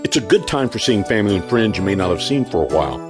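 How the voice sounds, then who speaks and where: A man's voice: lowish voice, very animated, quick pace. A man reading a scripted introduction to a preaching broadcast. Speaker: announcer. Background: music bed.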